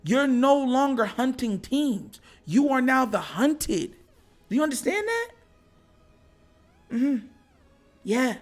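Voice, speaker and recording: A sports show host ranting casually as a fan, with slangy trash talk and frequent laughter between lines. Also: mid-range voice.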